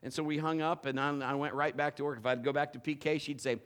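A male pastor with a slightly higher voice preaches to a live congregation. He tells a homely story full of restarts and wry self-mockery, and his delivery climbs when he makes his point. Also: fast, smooth. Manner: animated storyteller, restarts, self-mocking humor. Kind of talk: sermon with a personal story. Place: church before a congregation.

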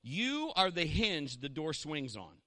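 A middle-aged man preaching an impassioned sermon, pausing to have the congregation repeat lines after him. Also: on the high side, sing-song, pushed and bright, dry recording, studio quality. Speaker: pastor.

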